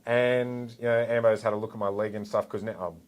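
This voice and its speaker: A man's voice: lowish voice, fairly quick, a little hiss or hum, rough recording. An Australian man, a former police officer, telling a story in casual chat and acting out what people said. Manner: animated, acts out quotes.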